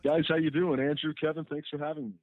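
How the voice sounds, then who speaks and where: A man who is a college sports broadcaster, calling in as a podcast guest and speaking with smooth, polished delivery. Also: fairly high pitch, flat delivery, fast, no room sound, soft background music. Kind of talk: phone-in podcast interview. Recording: tinny phone line.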